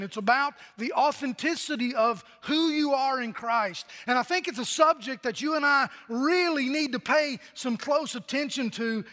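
A man's voice: very high-pitched, fairly bright tone. A man pastor preaching a sermon to his congregation, telling jokes in a folksy way, repeating words and asking them questions. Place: church hall. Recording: long reverb of a church hall.

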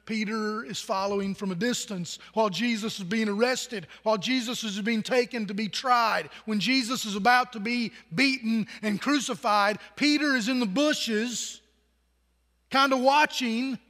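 A man's voice: high voice, normal speed, sharp tone, big-room sound. A man pastor preaching a sermon in a conversational way, asking the congregation questions.

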